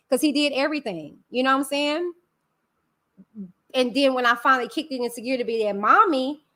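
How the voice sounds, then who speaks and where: Her voice high and sharp, a woman hosts a live stream and addresses viewers as y'all. As the channel's host, she talks to them frankly and with emphasis.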